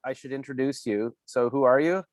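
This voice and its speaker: A man's voice: mid-range voice, a little fast, dry recording. A man hosting an interview, rambling and jokey, often correcting himself mid-sentence. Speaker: podcast host. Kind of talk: casual interview chat.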